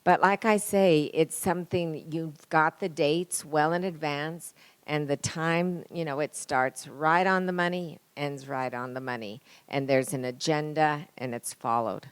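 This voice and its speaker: Smooth, low-voiced woman panelist. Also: steady tone, unhurried, dry recording. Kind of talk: answering audience questions.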